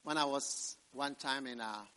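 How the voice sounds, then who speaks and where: A man preaching a revival sermon in church, swinging from loud, drawn-out scripture quotes to quiet, hushed asides. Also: medium pitch. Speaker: pastor.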